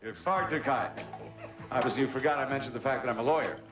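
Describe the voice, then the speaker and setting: A man's voice: mid-range voice, fast, natural voice. An actor playing a brash male lawyer in a soap opera, teasing and roasting people from a club stage. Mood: cocky. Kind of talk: 1990s daytime soap acting. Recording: echoey club with loud music.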